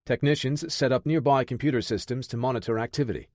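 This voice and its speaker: A male narrator reading an action thriller audiobook with steady, measured pacing and a mid-range voice. The recording is dry and close, with no room sound. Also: medium pitch, no echo.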